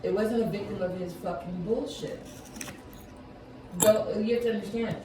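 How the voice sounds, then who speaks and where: A woman's voice: medium pitch, moderate pace. Brief: agitated, profane woman storyteller, many restarts, noisy echoey room. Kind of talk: heated casual conversation. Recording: echoey room with loud background noise.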